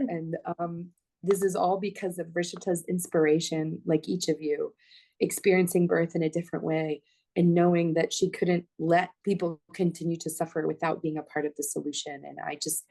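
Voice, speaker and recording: A woman's voice: fairly low pitch, dark tone. A woman midwife speaking at a parents' panel, heartfelt and a little teary as she talks. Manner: emotional, heartfelt, slightly teary. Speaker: midwife, clinical director. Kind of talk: panel discussion remarks.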